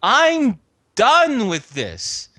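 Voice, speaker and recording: A man's voice: very high-pitched, wildly swooping pitch, drawn-out words, pushed and bright, pitched above the performer's own voice, full character voice. A man voicing a frail, agitated old queen with a cracked voice. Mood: distressed.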